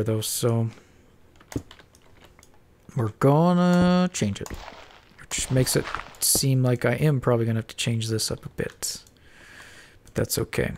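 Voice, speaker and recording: Congested and mumbling, this Minecraft let's-player offers laid-back building commentary, musing aloud as blocks go up. Their mid-range voice has vocal fry and a slightly mellow quality.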